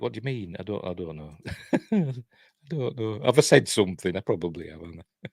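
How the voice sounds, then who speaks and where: A man's voice: lowish voice, lively intonation, normal speed, gravelly, long pauses, darkish tone, no echo. A man with a Yorkshire accent giving a rambling, chatty breakdown of a film, full of fillers and chuckles. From Yorkshire, England. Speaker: film reviewer.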